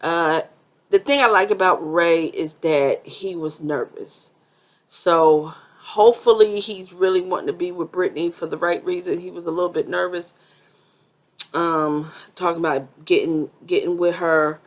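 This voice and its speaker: A woman's voice: on the low side, steady tone, a little slow. A woman vlogger giving a chatty, sassy review of a reality TV episode, full of asides.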